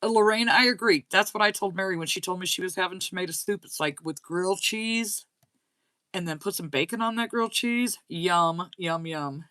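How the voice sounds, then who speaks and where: A woman with a slight Southern US lilt talks casually to her livestream viewers. She answers their comments one by one in a chatty way. Her voice is bright and forward, recorded close and dry. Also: fairly low pitch, brisk, hardly any pauses, dry recording. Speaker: crochet channel host.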